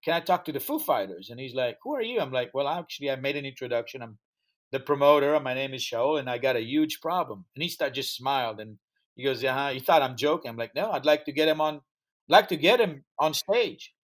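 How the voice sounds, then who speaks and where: A man's voice: mid-range voice, brisk. A man who speaks English as a second language, telling a story in a podcast interview and acting out the voices of the people in it. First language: not English. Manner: animated storyteller acting out dialogue. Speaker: music festival founder, guest.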